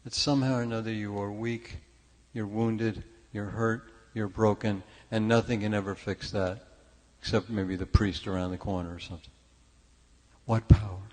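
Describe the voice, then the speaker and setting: An older man delivers a chatty, story-filled sermon at a spiritual church service, his voice fairly low, steady, and a bit dark at a moderate pace. Self-deprecating and prone to restarting sentences, he speaks in a church sanctuary whose large hall carries his words.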